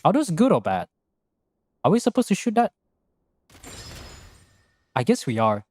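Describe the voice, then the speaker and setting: A man's voice: sits high, huge pitch swings, unhurried. A young man streaming a game from his room, chatting casually and rambling through jokes, swearing freely and laughing often. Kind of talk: casual live-stream chat while gaming.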